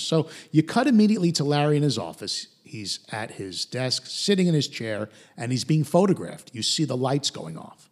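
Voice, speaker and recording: A man hosting a podcast, recapping a TV episode in an animated way. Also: mid-range voice, moderate pace, few pauses. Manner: animated retelling with put-on quote voices. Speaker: podcast host.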